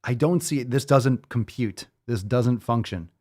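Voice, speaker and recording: A man's voice: medium pitch, unhurried, a little mellow. A man hosting a fitness show, ranting with profanity, incredulous and full of rhetorical questions. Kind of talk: ranting commentary.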